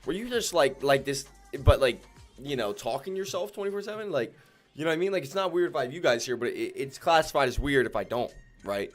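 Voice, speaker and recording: A man streaming his day trading live, slangy and excitable, swinging between calm muttering and loud whoops as he talks to his viewers. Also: mid-range voice, brisk, faint music behind. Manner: slangy, keeps addressing viewers as ladies and gentlemen.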